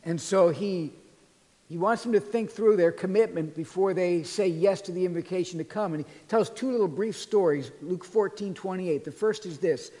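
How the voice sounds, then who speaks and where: A pastor preaching a sermon in a church, earnestly retelling scripture and quoting it in a softer voice. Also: male voice, sits high, moderate pace. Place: church sanctuary. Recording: long reverb of a large hall.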